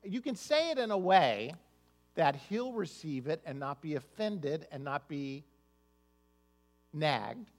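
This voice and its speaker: A man preaches a sermon in a high voice. He speaks conversationally to the congregation and often doubles the first words of a sentence. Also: very animated, slow, pauses often. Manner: conversational, repeats words when starting sentences. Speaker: pastor.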